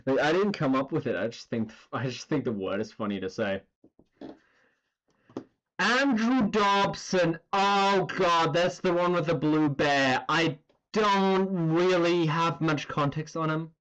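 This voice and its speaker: A man's voice: on the high side, lively intonation, unhurried, fairly bright tone, rough recording. A man casually chatting while he draws on a live stream, rambling with lots of fillers and the odd swear word. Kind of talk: casual chat while drawing.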